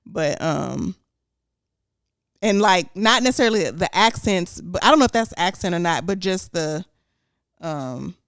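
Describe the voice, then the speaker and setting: A woman from Houston with a Texan accent, co-hosting a casual podcast chat in a lively, giggly, animated way. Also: on the low side, unhurried, long pauses, clear, resonant tone, no room sound, studio quality. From Houston, Texas. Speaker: podcast co-host.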